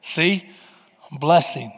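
A man, a pastor, telling a story in a sermon, swinging between shouting and quiet asides. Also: fairly high pitch, takes it slowly. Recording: long hall reverb.

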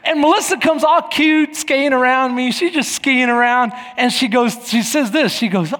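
A man in his forties preaching a sermon as pastor, telling stories with lively acted-out voices and shouts. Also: extremely high pitch, normal speed, hardly any pauses, big-room sound. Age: 40s. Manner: animated storytelling, acting out voices and shouts. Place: church.

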